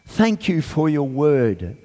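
A man with a croaky voice giving a sermon as a guest preacher, hesitant with fillers, then reading scripture and praying with fervour. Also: fairly high pitch, sing-song, takes it slowly. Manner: hesitant, many fillers, then rises into loud fervent reading. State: croaky voice from a cold. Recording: long church reverb.

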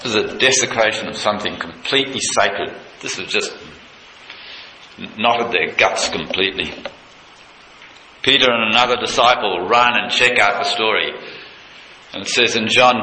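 A male preacher giving a sermon, retelling a scene with passion, dropping low and quiet and then leaping high with excitement. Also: unhurried, pauses often. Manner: impassioned, leaps from low intimacy to high excited pitch. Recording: echoey room with faint noise.

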